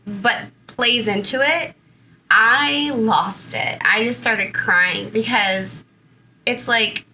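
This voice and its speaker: A woman's voice: on the high side, slow, bright, forceful tone, slight background noise, rough recording. A woman in her thirties from Southern California, a guest in an interview, telling her own story in a chatty way full of "like" and "you know".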